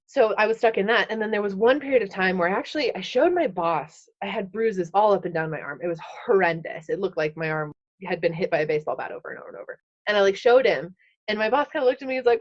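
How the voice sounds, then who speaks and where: A woman in her thirties, appearing as a podcast guest, tells her personal story candidly and without a script, speaking fast at a fairly high pitch. She fills her speech with "like" and acts out her past thoughts as small quoted scenes. The audio is somewhat dull and lo-fi.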